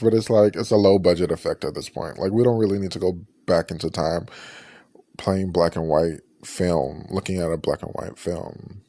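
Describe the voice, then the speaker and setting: A man's voice: fairly low pitch, mellow, no room sound. A man hosting a podcast, chatting casually and rambling through a review with lots of fillers and restarts. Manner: chatty, rambling, frequent fillers and self-corrections. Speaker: podcast host.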